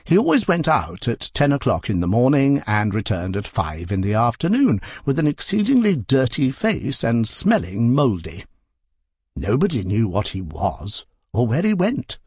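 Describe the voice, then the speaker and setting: A man narrating a classic novel in an expressive, measured storytelling manner. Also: mid-range voice, slightly rough, dry recording, clean studio sound.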